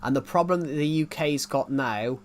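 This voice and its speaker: A young man with a working-class English accent from old mining country, talking on a gaming livestream. His voice sits a little high for a man. He rambles, loops back over the same point and stops to answer his chat. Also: normal speed, a little hiss or hum. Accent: English working-class, former mining area. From England. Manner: rambling, repeats and restarts sentences, answers chat.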